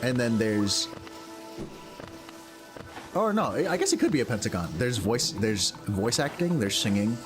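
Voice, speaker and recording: A man's voice: mid-range voice, big pitch swings, measured pace, pauses often. A man streaming a game, chatting casually and rambling with lots of fillers. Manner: rambling, filler-heavy, thinks aloud. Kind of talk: casual gameplay commentary. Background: game music.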